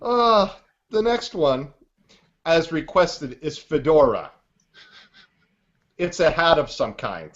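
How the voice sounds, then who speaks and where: A man doing a put-on celebrity impression in an odd accent, reading single words with slow, oddly paused, teasing delivery. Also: on the high side, big pitch swings, a bit bright, exaggerated voice. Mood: mock-theatrical. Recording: dull lo-fi audio.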